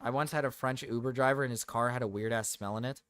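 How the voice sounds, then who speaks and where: A man's voice: mid-range voice, fairly even intonation, quick pace, a bit bright, clear, resonant tone, no echo. A man chatting live on a stream in an ordinary mid-range voice, recorded dry and close. He rambles and repeats himself in joking, profane rants. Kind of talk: casual live-stream chat.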